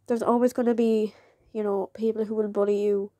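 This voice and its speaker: A woman's voice: mid-range voice, flat delivery, a little fast, warm tone, no echo. A woman, telling a personal story in a candid, chatty way and laughing often. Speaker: vlogger.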